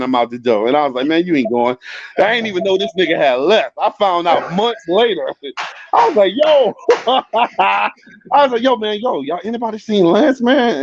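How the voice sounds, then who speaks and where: Guest, 50s man, higher voice, crude and rowdy, dull lo-fi sound. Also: no echo. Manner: rowdy, profane, mimics others in a deeper voice. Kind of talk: casual chat.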